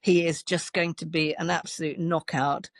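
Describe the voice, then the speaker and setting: A woman's voice: deep voice, little pitch movement, moderate pace, dry recording, studio quality. An older woman with an English accent, chatting on a podcast, hesitant and wry, often repeating words. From England. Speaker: podcast co-host, journalist. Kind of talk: casual chat.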